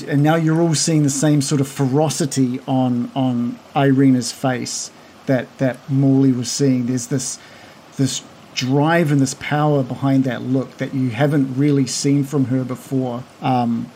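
A man narrating a tabletop game as game master, slow and halting with many pauses, over a video call. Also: medium pitch, flat delivery, a little mellow, slight background noise.

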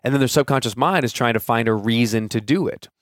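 A man's voice: mid-range voice, quick pace, dry recording. Guy in his 30s doing a solo podcast, chatty, lots of ums and restarts, dry close sound. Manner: casual, thinks aloud with many fillers and restarts. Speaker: podcast host.

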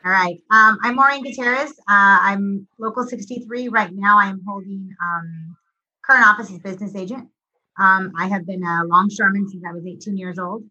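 A woman's voice: mid-range voice, normal speed, sharp tone, dull audio. A middle-aged woman, a union business agent, talking casually in an interview with many ums and restarts.

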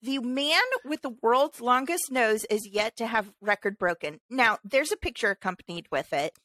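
A woman's voice: on the high side, lively intonation, normal speed, sharp tone, no echo. Emphatic woman podcast co-host, dry sound. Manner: emphatic, ranting. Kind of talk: casual podcast chat.

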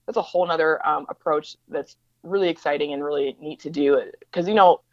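A woman talks fast and emphatically as an interview guest, slipping into the voices of people she quotes. Her voice sits somewhat low. The recording is dry and a bit dull and lo-fi. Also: darkish tone, dry recording. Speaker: interview guest, diversity educator. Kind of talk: conversational interview storytelling.

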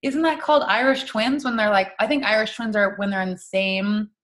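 A young woman co-hosting a podcast in casual chat, frank and quick to swear, laughing often. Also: mid-range voice, steady tone, fairly bright tone. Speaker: podcast co-host.

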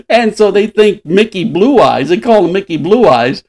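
A man's voice: sits high, expressive, measured pace, a little mellow. A man in his sixties, a podcast host, chatting casually and laughing often as he retells stories. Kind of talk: casual chat.

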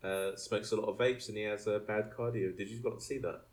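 A man hosting a podcast in casual chat, jokey and quick to laugh. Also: fairly low pitch. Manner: jokey, lively, giggly. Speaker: podcast host.

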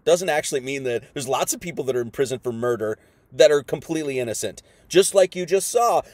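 A man's voice: fairly high pitch, darkish tone, no echo. A man preaching an informal sermon, firing off rhetorical questions in a folksy, combative manner.

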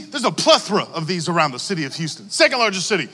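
A man preaching a sermon to a congregation, animated and calling out for responses from the crowd. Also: sits high, very fast, long reverb tail. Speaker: pastor.

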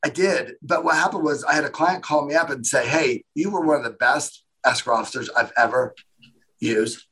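A man speaks as an interview guest, his voice husky and a little breathy. He rambles through his story with animation and slips into the voices of the people in it. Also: mid-range voice, moderate pace, sharp tone, poor audio.

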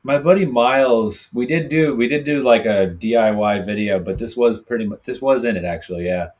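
A young adult man co-hosting a casual music podcast, earnest and halting, with lots of "like" fillers. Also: medium pitch, darkish tone, a little hiss or hum. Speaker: podcast co-host. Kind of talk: casual chat about music.

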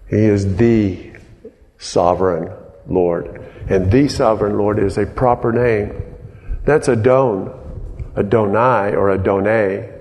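Slow, deep-voiced man preaching. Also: vocal fry, mellow, long reverb tail. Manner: slow, explanatory teaching with hesitations. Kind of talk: sermon.

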